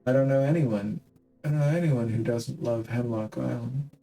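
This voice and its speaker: A man voicing an eager, cheerful young local man who talks in an excited rush. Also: mid-range voice, moderate pace, gravelly, recorded from a distance, soft background music, natural voice, rough recording.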